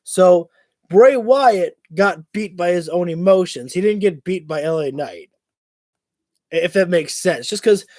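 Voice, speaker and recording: A man with a high-pitched voice talks through a wrestling show for his livestream audience in a loose, chatty way. His play-by-play is casual and excitable, with the odd curse thrown in. The sound is dry and close, with almost no room around it. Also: measured pace, no room sound. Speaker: livestream host.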